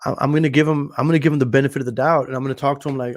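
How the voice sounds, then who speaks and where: Man, podcast host, loud, passionate, casual monologue to camera, mid-pitched voice. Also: steady tone, rapid-fire, hardly any pauses. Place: in front of a green screen. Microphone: camera recording.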